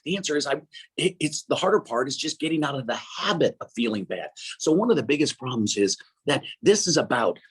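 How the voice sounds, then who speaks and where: A middle-aged man, an interview guest, tells a story in an animated, earnest way, acting out dialogue and often repeating "I said.". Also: medium pitch, brisk, slightly rough. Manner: earnest, preacher-like. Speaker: guest speaker.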